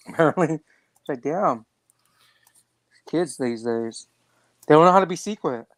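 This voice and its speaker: A co-host in casual podcast chat, giggling often and jumping in with quick follow-up questions. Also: medium pitch, expressive, no room sound.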